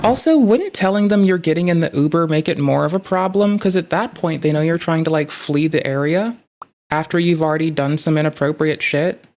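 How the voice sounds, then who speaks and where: A woman's voice: deep voice, a little fast, darkish tone. Woman streamer, casual reaction commentary, sarcastic and sweary, rambling delivery.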